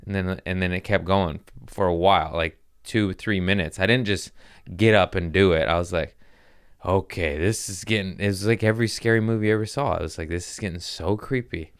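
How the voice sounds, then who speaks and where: A young man hosting a podcast, hoarse from screaming and sore, telling comedic stories in a casual chat. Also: deep voice, a little fast, dry recording, clean studio sound. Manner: laughing through pain, sore and winded. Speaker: podcast host.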